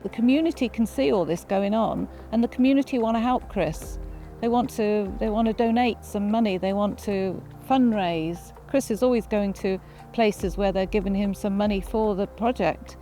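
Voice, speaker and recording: A woman speaking earnestly in a documentary interview, pausing to search for her words. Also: medium pitch, dark tone. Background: music.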